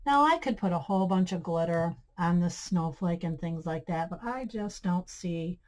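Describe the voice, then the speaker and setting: Chatty woman, lowish voice. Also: moderate pace, a little mellow, rough recording. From Michigan, USA. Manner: chatty, keeps addressing viewers as guys and friends; gushing about her projects. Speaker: craft channel host. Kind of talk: DIY craft tutorial.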